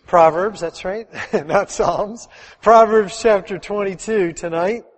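A middle-aged man, a pastor, preaching a sermon in a lively, conversational way full of rhetorical questions. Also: high voice, slow, husky, big-room sound.

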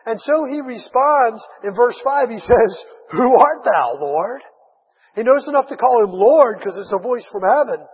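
High-voiced preacher in an echoing hall. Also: male voice, moderate pace, hardly any pauses, breathy edge. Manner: animated storytelling, acts out voices of Bible figures. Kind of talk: sermon. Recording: dull sound with long hall reverb.

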